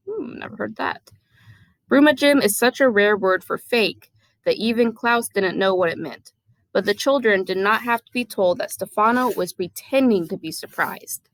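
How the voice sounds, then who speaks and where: A woman's voice: medium pitch, moderate pace, a bit bright, no echo, low-quality recording. A woman reading a children's novel aloud, narrating chapter by chapter with chatty asides and the odd stumble over rare words. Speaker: audiobook reader.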